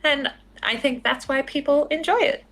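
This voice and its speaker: A woman chats as a podcast guest in a bright, somewhat high voice. Her speech is animated and rambling, full of "like" and quick self-deprecating laughter. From South Africa. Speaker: podcast guest, game master. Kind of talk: casual interview chat.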